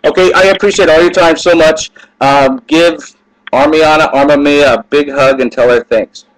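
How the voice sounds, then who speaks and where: A man's voice: on the high side, moderate pace, no echo, rough recording. A man with a Southern US accent recording himself on his webcam, talking emphatically and adding asides. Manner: emphatic, keeps adding "allegedly". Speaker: vlogger recording his own phone calls. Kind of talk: webcam vlog.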